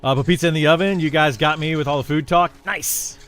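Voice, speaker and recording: A man's voice: fairly high pitch, fast talker, a bit bright, clean tone, soft background music. A young man streaming a game and chatting casually with viewers, rambling with lots of fillers and restarts. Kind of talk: casual livestream chat with viewers.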